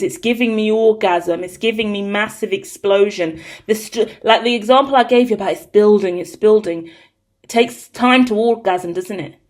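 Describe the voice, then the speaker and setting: A woman giving a collective tarot reading, talking in an excitable, rambling, cheeky way. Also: mid-range voice. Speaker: tarot reader.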